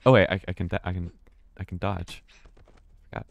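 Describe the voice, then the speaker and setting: Low-voiced American man streaming a game. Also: normal speed, gravelly. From United States. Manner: chatty, restarts words, swears casually. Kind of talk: live gameplay commentary.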